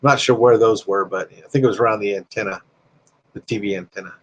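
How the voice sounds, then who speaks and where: A man with a lowish voice talks fast while hosting a casual live stream, rambling and reading viewer comments aloud. He's chatty and friendly with his audience, though the audio sounds dull.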